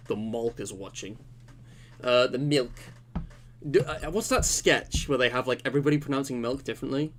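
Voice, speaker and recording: A man's voice: mid-range voice, fairly bright tone. A young man playing a story game, reading its text aloud and breaking off into casual, slangy commentary. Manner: chatty and informal, muses aloud, slangy asides. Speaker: let's play gamer. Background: game music playing.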